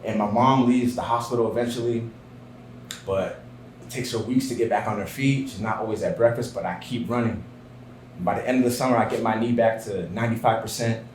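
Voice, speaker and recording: Guy telling a true story onstage, earnest, goes quiet at the soft parts, echoey room with faint hum. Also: fairly low pitch, brisk. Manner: earnest, drops to a hushed voice in tender moments. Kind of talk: live personal storytelling. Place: small theater stage. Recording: roomy live theater sound.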